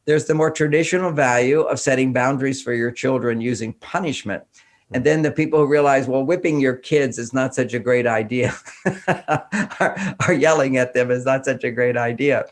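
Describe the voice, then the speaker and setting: A man's voice: mid-range voice, moderate pace. A man from Houston, Texas, talking animatedly as a podcast guest and acting out bits of dialogue as he goes. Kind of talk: conversational interview.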